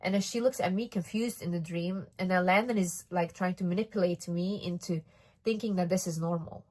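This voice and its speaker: A young woman speaks straight to camera, telling a personal story in a loose, confiding way. Her voice sits a little lower than most women's. She leans hard on the key words and lets curses slip without a second thought. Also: brisk, a little mellow. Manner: candid, emphatic and swears freely. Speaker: vlogger.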